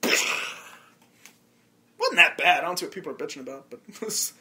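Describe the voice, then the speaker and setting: Speaking at normal speed in a voice on the high side, this male podcast host sounds a little congested. His casual chat is lively, packed with stories, plenty of profanity, frequent laughs, and quotes he acts out.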